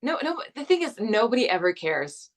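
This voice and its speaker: A woman's voice: a little high, big pitch swings, moderate pace. A young adult woman from Canada, a guest actress chatting casually in an interview, full of restarts and fillers.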